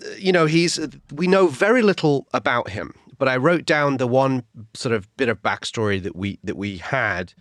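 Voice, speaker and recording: A man's voice: medium pitch, normal speed, hardly any pauses, a bit bright, no room sound. Podcast cohost guy, wry dry jokes, lots of um and uh, dead dry close sound. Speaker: podcast co-host. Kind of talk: casual chat.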